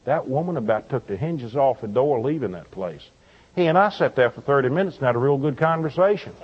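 A man preaching, telling a marriage counseling story and acting out the people in it with lively quoted voices. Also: mid-range voice, a little fast, slightly rough. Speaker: pastor. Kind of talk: storytelling sermon. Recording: dull lo-fi recording.

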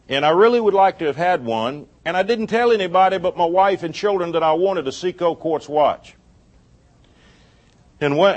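A middle-aged man preaching a sermon, telling a personal story with lively quoted dialogue and laughing at his own jokes. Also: a little high.

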